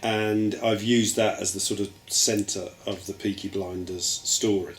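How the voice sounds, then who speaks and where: Low-voiced man in echoey room. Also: fairly even intonation, measured pace. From Birmingham, England. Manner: thoughtful, hedges with "I mean" and "I think". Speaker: interviewee, television writer. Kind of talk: reflective interview answers. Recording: echoey room with faint ambient noise.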